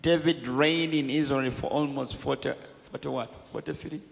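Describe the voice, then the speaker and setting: Gravelly interpreter in a reverberant hall. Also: male voice, on the high side, steady tone, normal speed. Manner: repeats each phrase right after the preacher. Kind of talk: live sermon interpretation.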